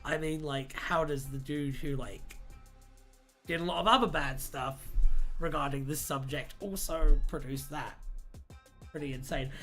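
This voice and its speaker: Guy hosting a stream, bright punchy voice, a bit high, swears and laughs a lot. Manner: chatty and irreverent, swears often, laughs easily. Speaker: livestream host. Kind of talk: casual livestream chat and reading aloud.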